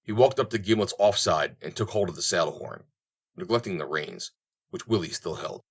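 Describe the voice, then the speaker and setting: A man narrating a western audiobook in a steady storytelling manner. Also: deep voice, normal speed, slightly rough. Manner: steady storytelling, voicing each character.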